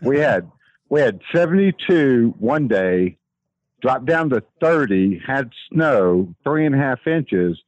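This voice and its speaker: A man with a Texan accent calling into a talk show by phone, rambling and then reading his own poem in a slow, measured way. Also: medium pitch, sing-song, darkish tone, no echo. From Texas. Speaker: caller. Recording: dull lo-fi phone line.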